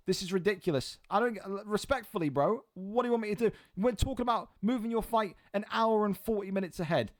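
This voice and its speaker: A man's voice: high voice, fast talker, hardly any pauses, no room sound. A man hosting and commentating an online fight league live stream, blunt and exasperated, swearing freely.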